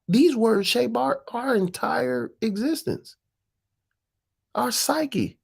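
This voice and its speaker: A woman's voice: fairly high pitch, huge pitch swings, slow pace, creaky, husky. A woman hosting a live stream, talking casually and firing off profane rhetorical questions.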